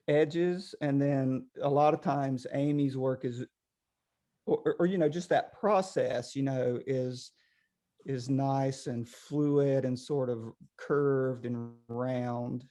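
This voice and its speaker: A man's voice: mid-range voice, takes it slowly. A middle-aged man, a potter, chatting casually over a video call, rambling with many restarts. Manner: rambling, animated, lots of restarts.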